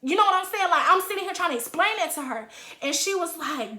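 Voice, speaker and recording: A young woman in her twenties telling a story in a casual vlog, animated and dramatic, with acted quotes. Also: extremely high pitch, fast. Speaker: vlogger. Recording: roomy echo.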